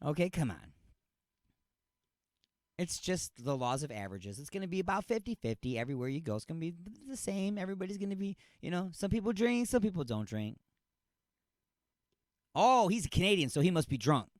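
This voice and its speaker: High, lively ranting radio host man. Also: a little fast, no echo, studio quality. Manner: ranting, keeps firing rhetorical questions; restarts and repeats himself. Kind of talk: comedic talk radio monologue.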